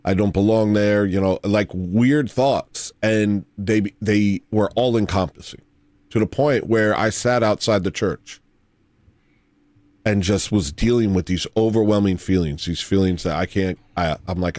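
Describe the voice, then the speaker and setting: A man telling a personal story in a rambling, halting, earnest confessional monologue, played as a clip. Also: on the low side, a little mellow, dry recording. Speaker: clip of another streamer.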